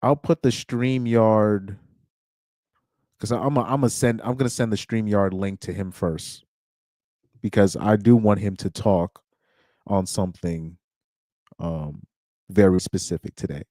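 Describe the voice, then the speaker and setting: A man with a fairly low voice chats loosely on his own livestream, stumbling over restarts and chuckling between thoughts. He is recorded close and dry, with no room sound around him. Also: measured pace, pauses often, warm tone, no echo. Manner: rambling, with frequent restarts and chuckles. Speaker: livestream host. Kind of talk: casual livestream chat.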